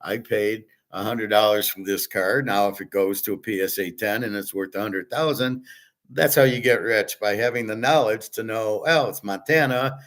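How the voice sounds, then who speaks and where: A man's voice: fairly low pitch, moderate pace. Blunt, profane man reacting to a clip. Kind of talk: casual reaction commentary.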